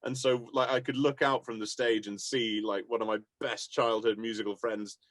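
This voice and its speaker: A man in a casual interview, telling long, rambling tour stories in a mid-pitched voice. He laughs often and swears lightly, and his voice is dry and close-miked with no room sound. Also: little pitch movement, normal speed, a bit bright, dry recording. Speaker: musician guest.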